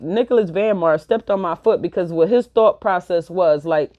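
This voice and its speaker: A woman's voice: medium pitch, normal speed, few pauses, no room sound, narrow, tinny audio. A woman around thirty telling a personal story in a casual vlog. She talks bluntly, swears freely and acts out what each person said. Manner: blunt, profane, acts out quoted dialogue. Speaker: vlogger.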